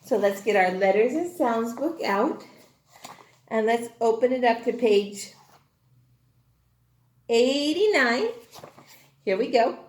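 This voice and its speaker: A high, lively woman teaching a recorded kindergarten phonics class. She speaks slowly with a sing-song, encouraging manner, and her voice rings in an echoey room. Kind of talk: recorded online class lesson.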